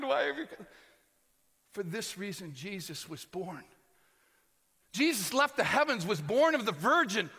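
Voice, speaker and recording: An American man preaching a sermon as pastor, swinging between loud proclamation and near-whispers. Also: very high voice, slightly rough. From United States. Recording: large hall reverb.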